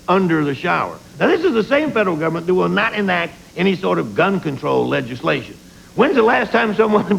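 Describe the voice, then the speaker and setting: A middle-aged man doing a sarcastic stand-up routine and talk-show banter, with punchy delivery and quick asides. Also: sits high, vocal fry, a bit bright, rough recording. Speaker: stand-up comedian and guest. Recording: TV studio taping with audience laughter and hiss.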